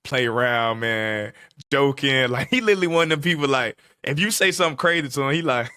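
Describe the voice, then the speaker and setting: A man in his twenties, a podcast co-host telling a story in casual chat, animated and laughing often as he acts out what people said. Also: medium pitch, brisk, clean tone, dry recording, studio quality.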